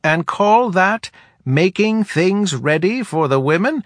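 A man's voice: sits high, lively intonation, slow pace, dry recording, clean studio sound, pitched above the performer's own voice. A man voicing the scornful elder woman who leads a small forest people, in a mocking, incredulous tone. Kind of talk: audiobook character voice.

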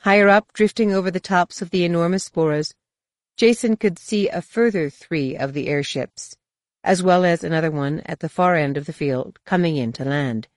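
Audiobook narrator, woman, low voice, steady even read, dry close sound. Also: normal speed, dry recording. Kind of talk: scripted narration.

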